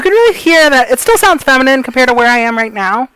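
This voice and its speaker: A woman teaching breathing and pitch exercises in a casual, rambling way, with many fillers and apologies. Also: lively intonation, fast talker, few pauses, a bit bright, clear, resonant tone, dry recording, poor audio. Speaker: voice coach. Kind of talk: casual tutorial.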